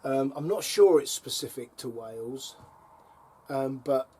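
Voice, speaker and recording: A middle-aged man by a fire on his allotment chats casually to camera, a wry storyteller who chuckles between tales and lands dry jabs. His mid-range voice is expressive, dark and husky, at a measured pace.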